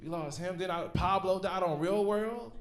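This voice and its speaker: A man's voice: high-pitched, normal speed. A man in his thirties performing a profane, laughing stand-up comedy set on a comedy club stage. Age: 30s. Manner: profane, animated storytelling with laughs. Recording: roomy live club sound.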